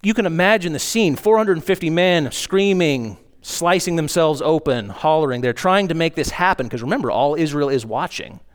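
A man's voice: fairly high pitch, moderate pace, few pauses, clear, resonant tone. A man preaching a sermon, reading scripture aloud and explaining it in asides, acting out mocking lines with rising emphasis.

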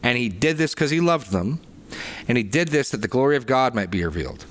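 A man's voice: mid-range voice, expressive, brisk, a bit bright, a little hiss or hum. A man leading a sermon discussion, reading aloud and explaining with earnest emphasis and frequent restarts. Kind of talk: reflective teaching discussion.

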